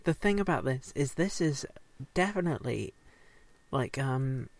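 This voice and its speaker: A man casually recapping a show, rambling, swearing often and slipping into quick silly character voices. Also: medium pitch, animated, no echo. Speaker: podcast co-host recapping a show. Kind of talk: casual chat.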